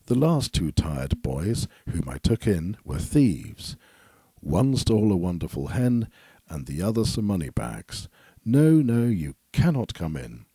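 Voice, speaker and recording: A man voicing an ogre's wife in a storybook reading, insistent and shrill in her refusals. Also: very animated, unhurried, dark tone, slightly rough, no echo, full character voice. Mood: refusing. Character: ogre's wife, stern woman refusing strangers.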